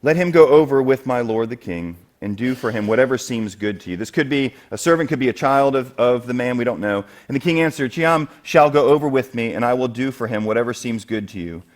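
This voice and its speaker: A man preaching a sermon as the church's elder, conversational and animated, jumping much higher and louder when he acts out quoted speakers, then dropping to a quiet, earnest tone to urge his listeners. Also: fairly quick, few pauses. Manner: animated, acts out quoted voices with big jumps in pitch and loudness. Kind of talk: expository sermon. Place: church sanctuary.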